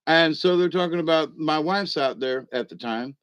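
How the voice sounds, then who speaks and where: A man's voice: fairly high pitch, moderate pace, fairly bright tone, clean tone, dry recording. A man telling a rambling comic story in a casual way, chuckling and acting out other people's voices as he goes. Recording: dull lo-fi dry recording.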